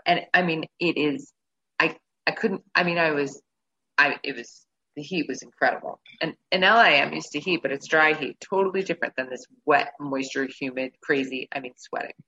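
A woman, a guest on a show, telling a travel story in a casual, animated way and acting out her own reactions. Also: deep voice, muffled recording, a little hiss or hum.

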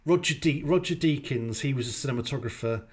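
A man in casual film chat, his voice sitting at an ordinary middle pitch. He retells scenes in a crude, joking way, swearing freely and stopping often for fillers. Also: brisk, breathy edge.

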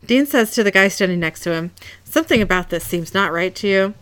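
This is a giggly podcast co-host recapping an episode in casual chat from a room at home, retelling scenes and reading lines in a plain voice. She talks fairly quickly at a medium pitch, with lively intonation and a slightly bright sound.

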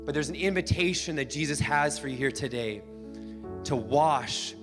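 A man's voice: a little high, moderate pace. A male pastor preaching a sermon in a church, emphatic and repetitive, returning to the same phrases again and again. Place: church sanctuary. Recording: long hall reverb with band music.

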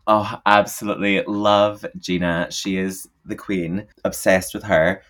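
A man's voice: low voice, flat delivery, unhurried, a bit bright. A man chatting casually as a podcast guest, laughing often and swearing freely. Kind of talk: casual chat.

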